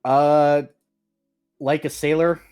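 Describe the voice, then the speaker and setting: A man running a tabletop role-playing game on a stream, describing scenes in a relaxed way with some fillers. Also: on the high side, takes it slowly, smooth, faint music behind. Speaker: game master.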